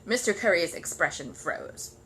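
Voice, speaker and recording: Bright, expressive woman reading aloud. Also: fairly low pitch, normal speed, slight background noise. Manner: expressive storytelling. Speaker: storybook reader. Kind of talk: reading a children's book aloud.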